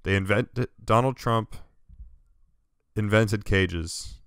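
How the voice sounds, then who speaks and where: A young American man with a low, smooth, resonant voice co-hosts a casual podcast over a remote call. He explains news at length in an animated, profane way. The audio is dry and close. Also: takes it slowly, no echo. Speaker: podcast co-host. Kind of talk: casual political chat.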